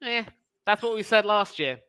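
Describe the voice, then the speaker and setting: A man co-hosting a live football watch-along, giving measured, critical analysis in a dry tone. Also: high voice, lively intonation, sharp tone, clean tone, no echo. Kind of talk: casual live football reaction.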